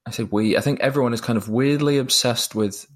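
A man's voice: mid-range voice, fairly quick. A man discussing a film in a thoughtful, hesitant way, often repeating words as he talks.

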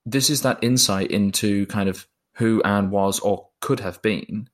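A man's voice: on the low side, a little slow. A man discussing a film in a thoughtful, hesitant way, often repeating words as he talks.

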